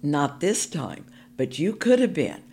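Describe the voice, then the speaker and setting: A woman reading a storybook and voicing a stern but caring older nun who speaks in a firm, deliberate way. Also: low-pitched, very animated, a little mellow, a little hiss or hum, full character voice.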